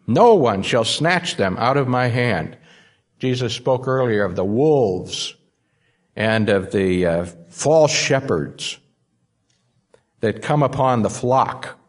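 A man's voice: medium pitch, lively intonation, takes it slowly. A man preaching a sermon, stressing key words by repeating them. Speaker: pastor.

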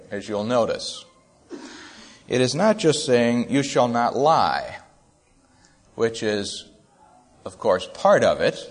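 A man preaching an expository sermon, speaking in a measured, deliberate way with frequent pauses. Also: lowish voice.

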